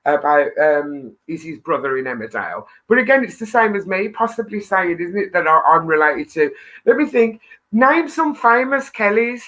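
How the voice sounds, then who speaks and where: A woman's voice: lowish voice, animated, normal speed, fairly bright tone, rough recording. A middle-aged woman hosting a casual live stream, greeting viewers and reading their comments in a chatty, self-deprecating way with frequent laughs and ums.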